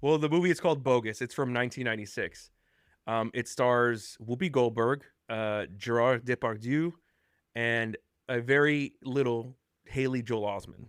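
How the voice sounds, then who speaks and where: A man's voice: mid-range voice, normal speed, clear, resonant tone, dry recording, clean studio sound. A man hosting a casual podcast chat, talking freely and laughing often. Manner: laughs often, chatty and animated. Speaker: podcast host.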